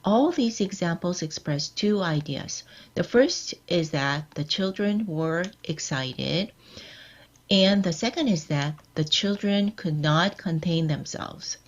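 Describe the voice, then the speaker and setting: A woman giving a scripted workshop lecture on editing, measured and explanatory, quizzing her audience. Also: fairly low pitch, lo-fi sound.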